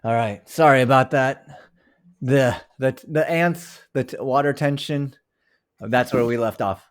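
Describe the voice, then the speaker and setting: A man's voice: medium pitch, a little slow, smooth. A man hosting a podcast interview, chatting casually with short, easygoing interjections. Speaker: podcast host. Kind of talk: casual chat.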